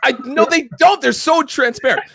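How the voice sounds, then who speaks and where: A man's voice: very high-pitched, normal speed, creaky. A man hosting a casual podcast conversation, telling blunt, profane stories. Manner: animated, profane storytelling. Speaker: podcast host.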